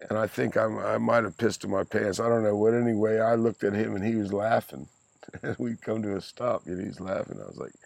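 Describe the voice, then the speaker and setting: A little fast and fairly even in intonation, this sixty-something man's lowish voice is creaky and darkish, with no echo in the recording. He's the host's father, a podcast guest telling rambling anecdotes with frequent laughter and crude language.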